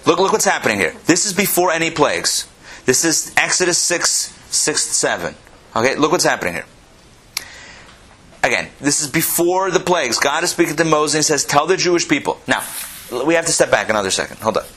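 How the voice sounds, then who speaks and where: A man teaching a Torah class, animated, repeating phrases and asking his listeners questions. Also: on the high side, a little fast, slightly rough.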